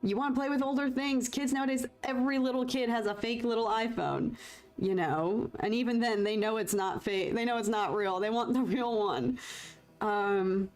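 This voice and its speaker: A woman's voice: on the high side, moderate pace, a little mellow, soft background music. A young adult woman chatting casually with her live-stream audience while painting, rambling and self-deprecating, with mild stand-in swear words.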